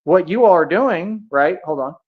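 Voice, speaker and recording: High-voiced man ranting, dull audio. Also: animated, normal speed. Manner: confrontational, taunting, heavy slang. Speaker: streamer. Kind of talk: livestream rant.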